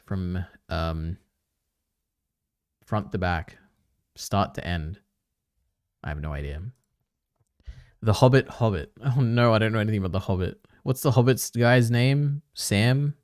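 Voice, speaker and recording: A man's voice: fairly low pitch, animated, measured pace, long pauses, no echo, studio quality. A man streaming casually, reading on-screen text aloud, trailing off and muttering to himself. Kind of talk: casual live-stream commentary.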